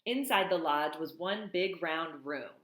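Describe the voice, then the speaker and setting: A woman's voice: deep voice, lively intonation, unhurried, a bit bright, reverberant, low-quality recording. A woman reading a children's novel aloud, in a plain read-aloud manner with small slips and self-corrections. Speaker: reader.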